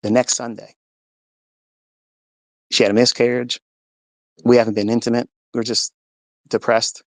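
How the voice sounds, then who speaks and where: A man's voice: medium pitch, flat delivery, a little slow, dry recording. A man earnestly telling a personal story in a live audio room, acting out what people said with rising intensity. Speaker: host.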